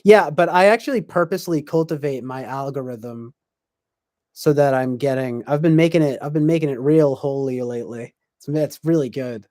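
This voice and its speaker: A man's voice: mid-range voice, normal speed, a little mellow, dry recording, clean studio sound. A man hosting a podcast, talking in a casual, rambling way with lots of fillers and restarts. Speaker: podcast host.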